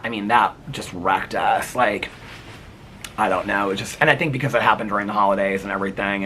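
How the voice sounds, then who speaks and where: A man's voice: lowish voice, pushed and bright, slight background noise. A man telling a rambling story to his camera in a casual, chatty way, full of fillers and asides. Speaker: vlogger.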